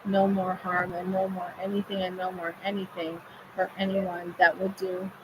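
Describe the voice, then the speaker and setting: Low, flat-voiced woman medium. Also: moderate pace. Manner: repetitive, chant-like phrasing. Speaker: spirit medium relaying messages. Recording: steady background noise.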